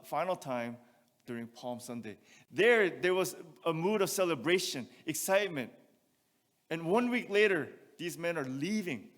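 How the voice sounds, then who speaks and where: Preaching man in a reverberant hall. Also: fairly high pitch. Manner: expository preaching with rhetorical questions and scripture reading. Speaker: pastor. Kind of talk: sermon. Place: church sanctuary.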